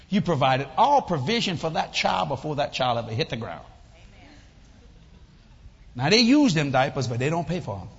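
A man's voice: on the high side, normal speed, long pauses, husky, long reverb tail, dull audio. An older man preaching a sermon to a congregation, telling jokes and acting out voices in his stories. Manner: animated storytelling, acts out voices, jokes with congregation. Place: church hall with audience.

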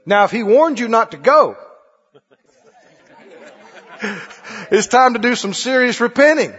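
A man's voice: extremely high pitch, expressive, unhurried, fairly bright tone, breathy edge, big-room sound, dull audio, a faint crowd. A man preaching a sermon, firing repeated questions at his congregation. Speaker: pastor.

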